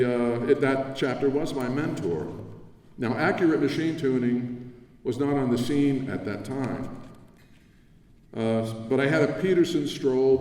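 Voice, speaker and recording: An older man from New Jersey gives a rambling, reminiscing acceptance speech after receiving an award, his mid-range voice dark and mellow. He's warm and chatty, full of asides, and stands far from the microphone, so his words echo through the long reverb of a big convention hall.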